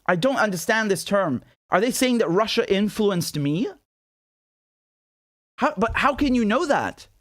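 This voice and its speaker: A man's voice: high-pitched, expressive, measured pace, long pauses, a bit bright, no room sound, studio quality. A man from Britain delivering indignant solo political commentary, incredulous and repeating himself, often restarting sentences.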